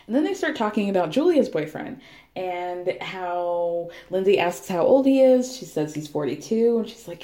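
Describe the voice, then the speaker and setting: A woman's voice: lowish voice, lively intonation, normal speed, warm tone. A young woman hosting a casual recap chat, talking in a sarcastic, chatty way and laughing often as she acts out what people said. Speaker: podcast host recapping a reality show. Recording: echoey room.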